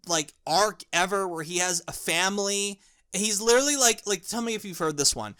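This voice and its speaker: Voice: mid-range voice, pushed and bright. A film reviewer ranting with exasperation and profanity, repeating words and restarting lines when worked up.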